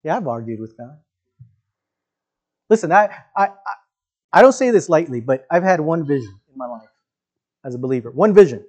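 A man preaching a sermon with a slightly high voice. He talks in a conversational way and keeps checking in with his listeners. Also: very animated, normal speed, pauses often, darkish tone. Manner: conversational, asks the congregation questions. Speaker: pastor.

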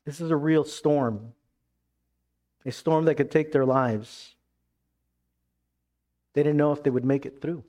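A man preaching a sermon as pastor, emphatic, then dropping to hushed tones. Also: fairly high pitch, steady tone, a little slow, pauses often.

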